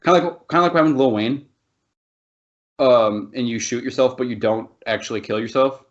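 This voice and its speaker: This podcast co-host speaks at medium pitch and a little fast. He rambles and laughs through loose, heavily sworn banter, captured in dull lo-fi audio.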